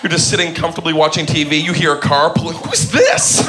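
A man doing a stand-up comedy set, telling a story with animated mock outrage. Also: a little high. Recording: live club with crowd and noise.

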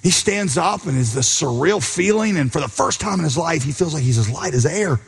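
A man's voice: fairly high pitch, expressive, a little fast, gravelly, husky. A man preaching a sermon, telling a story and acting out its characters' lines. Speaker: pastor. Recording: long hall reverb.

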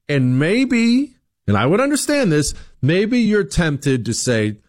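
A man's voice: on the high side, slow pace, no room sound, studio quality. A man delivering an opinion commentary monologue, emphatic, full of rhetorical questions, often restarting and repeating words. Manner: emphatic, animated, rhetorical questions, acts out quoted voices. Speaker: political commentator host.

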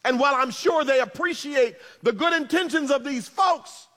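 A man preaching a sermon in a church, animated, with playful asides and shouted emphasis. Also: extremely high pitch, normal speed, big-room sound. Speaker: pastor.

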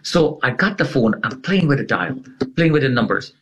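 On a lo-fi recording, a male interview guest with a slightly bright, animated voice tells a dramatic personal story at a moderate pace. He dramatizes it by swinging his pitch widely.

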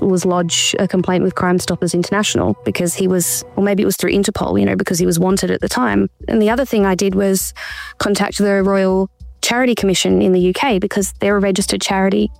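Gravelly-voiced woman recounting her story. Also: mid-range voice. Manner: earnest, searching, with restarts. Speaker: interview guest. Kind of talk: personal account in an interview.

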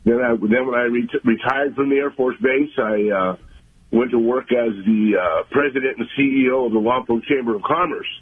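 An older man from the California Central Coast, a guest on a radio interview, talking in a halting, folksy way with many fillers. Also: medium pitch, steady tone, husky. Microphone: phone. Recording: tinny phone line.

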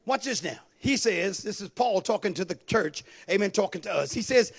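A man preaching a sermon, calling out to the congregation for responses and building to shouts. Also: high voice, animated, moderate pace, gravelly, hardly any pauses, husky. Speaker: pastor.

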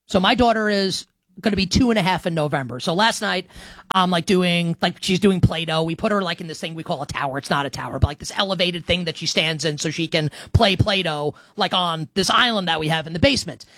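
A man's voice: sits high, fairly quick, a bit bright, dry recording. A young man hosting a casual sports podcast, chatty and rambling, with lots of fillers and restarts. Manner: rambling, filler-heavy, self-deprecating. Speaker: podcast host.

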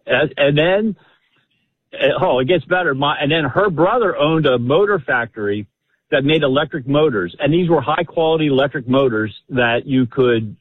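Calling a radio show on a tinny phone line, a man shares a family story in an eager, rambling way, with lots of fillers. He sounds a little high and slightly rough, talks at normal speed, and has no room sound around him.

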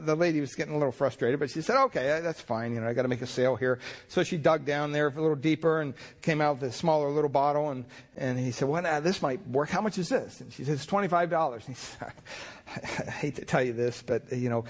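A man's voice: on the high side, a little fast. Chatty storytelling male pastor. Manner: conversational storytelling with frequent restarts and chuckles. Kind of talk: sermon.

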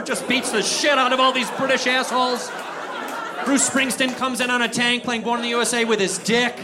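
A man telling a story in a stand-up set, animated, with loud punchlines. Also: very high voice, brisk. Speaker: stand-up comedian. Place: comedy club with live audience. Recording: crowd laughter and noise.

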